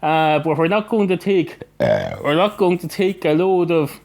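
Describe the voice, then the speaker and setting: Brief: man playing a cat at the bar, high and indignant, sarcastic, comic storytelling. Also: expressive, normal speed, close to an everyday voice. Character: sarcastic male cat at a pub, stubborn.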